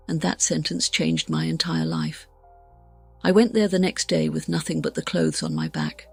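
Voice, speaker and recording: A woman's voice: sits low, very animated, normal speed, vocal fry, husky, dry recording, faint music behind. A woman telling a personal testimony in an interview, frank and blunt, with a self-mocking edge. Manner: frank, blunt and self-mocking, voices her past self with urgency. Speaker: guest sharing a near-death testimony. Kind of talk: candid personal storytelling in an interview.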